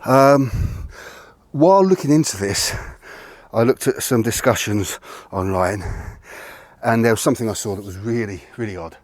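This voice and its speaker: A man's voice: on the low side, moderate pace, dry recording. A man explaining punching technique in a conversational, self-correcting way, a little out of breath. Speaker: martial arts instructor. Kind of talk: explanatory video lesson. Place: outdoors near a tree.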